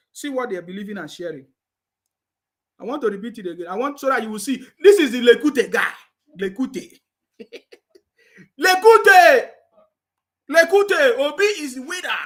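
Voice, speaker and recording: A man's voice: very high-pitched, a bit bright. A man with a Nigerian accent giving mocking political commentary, repeating himself and laughing with scorn.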